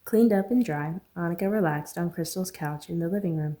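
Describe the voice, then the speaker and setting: A woman author narrating her own novel as an audiobook, earnest and steady. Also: lowish voice, brisk.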